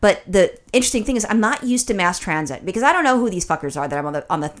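A woman's voice: mid-range voice, expressive, very fast. A middle-aged woman, chatty and profane, telling stories in a casual chat as a podcast host. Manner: chatty, profane storytelling with mimicry.

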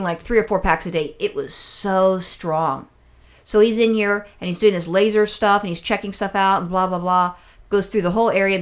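A woman's voice: medium pitch, a bit bright. A woman telling a long, rambling, exasperated story in casual chat, swearing freely. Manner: acts out other people's voices in quotes.

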